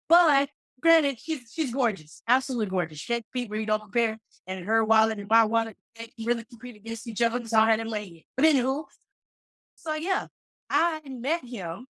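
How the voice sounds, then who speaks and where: A woman's voice: a little high, moderate pace, no room sound, rough recording. Joking woman in her thirties from Dallas. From Dallas, Texas. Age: 30s. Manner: joking, animated storyteller with playful asides. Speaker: guest, comedian and flight attendant. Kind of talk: casual storytelling interview. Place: remote call.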